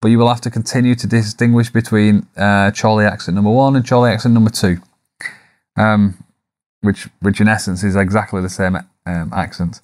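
A man with a lowish, slightly mellow voice and fairly even intonation talks fairly quickly in a solo business podcast. As host, he reflects in a coaching tone, asks rhetorical questions, and throws in the occasional self-deprecating aside.

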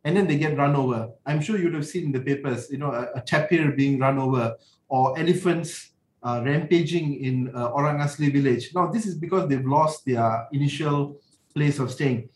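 Brief: man, lawyer guest, measured and explanatory, slightly high, roomy remote line with faint hum. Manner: measured, explanatory, sets out numbered points. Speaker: animal rights lawyer. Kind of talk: guest on a radio interview.

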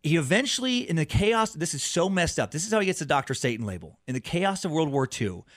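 A comedian and podcaster guest telling a story in a rambling way, restarting and repeating words. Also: male voice, fairly high pitch, very animated, quick pace, dry recording, clean studio sound. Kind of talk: animated true-crime storytelling.

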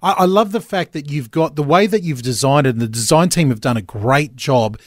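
An Australian man co-hosts in an earnest, chatty way and sometimes recites scripture. His voice sits a bit high and sounds dry and close in the studio. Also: animated, brisk, no room sound. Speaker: radio co-host. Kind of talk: radio interview.

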